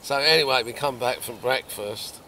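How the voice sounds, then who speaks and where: A middle-aged man, a carp angler, telling a fishing story outdoors by a lake in a lively, animated way with loud bursts. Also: mid-range voice, normal speed, a little hiss or hum. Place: outdoors at a lakeside swim.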